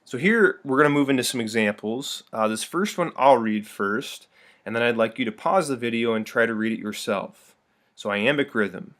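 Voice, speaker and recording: A man teaching a recorded video lesson in a friendly, upbeat way, reading verse slowly with heavy stress. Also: medium pitch, fairly bright tone.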